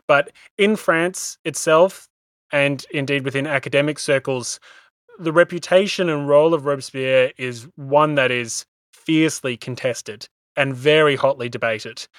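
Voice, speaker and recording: A man hosting a history podcast, explaining things in a measured way with small stumbles. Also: mid-range voice, fairly bright tone, dry recording. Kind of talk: casual history discussion.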